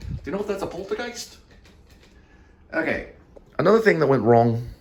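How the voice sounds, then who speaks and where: A man hosts a rambling, casual vlog indoors in his apartment, holding a phone for a selfie shot and breaking off mid-thought to switch topics. His creaky voice is on the high side with big pitch swings at a moderate pace, and there's slight background noise.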